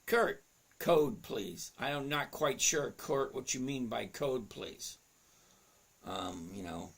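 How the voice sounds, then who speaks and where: A man's voice: medium pitch, expressive, takes it slowly. A man hosting a casual live stream on trading, greeting chat viewers by name in an upbeat, chatty way. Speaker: livestream host teaching stock trading.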